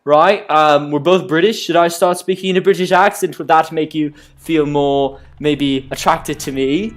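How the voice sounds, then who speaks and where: A man's voice: a little high, flat delivery, moderate pace, natural voice. A young man voicing an exasperated male player character in a comedy parody, whiny, sarcastic and easily rattled.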